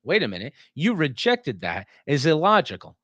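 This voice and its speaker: A man's voice: fairly high pitch, wildly swooping pitch, normal speed, a bit bright, dry recording. A man lecturing on a text, explaining it and checking in with rhetorical questions. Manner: acts out example sentences in changing tones. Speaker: philosophy lecturer.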